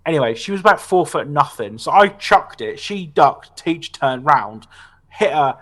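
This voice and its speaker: A man's voice: fairly high pitch, normal speed. A man in his late twenties, a podcast host, telling sweary anecdotes in a casual chat and often tagging "right?" onto his sentences. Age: 20s. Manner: animated, sweary anecdote telling with frequent "right?" tag questions.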